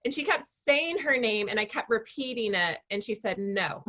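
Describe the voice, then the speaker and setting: A woman's voice: fairly high pitch, lively intonation, normal speed. A woman hosting a book club interview, chatty and telling stories, with fillers between her thoughts. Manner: chatty, warm storytelling with fillers.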